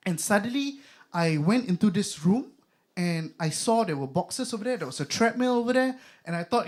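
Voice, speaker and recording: A man's voice: sits high, lively intonation, moderate pace, darkish tone, faint music behind. A young man with a Singaporean accent performing a stand-up comedy set, chatty and loose, with lots of fillers. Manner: conversational, filler-heavy, mock voices for bits.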